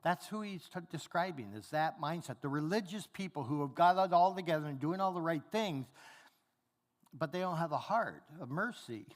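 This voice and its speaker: A man's voice: on the high side, animated, moderate pace. A male pastor preaching a sermon, teaching animatedly and acting out the characters' lines. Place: church hall. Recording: long hall reverb.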